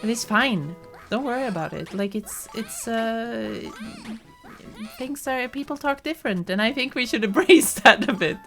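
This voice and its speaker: A woman's voice: a little high, expressive, moderate pace, a bit bright, soft background music. A woman from southern Sweden with a southern Swedish accent, chatting casually on a stream with many restarts and laughs, Swedish her first language. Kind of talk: casual chat.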